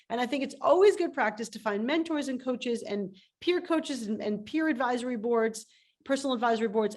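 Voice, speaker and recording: Woman, coach, emphatic, animated storytelling, slightly higher pitch, video call. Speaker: startup coach. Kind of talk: guest on a webinar interview.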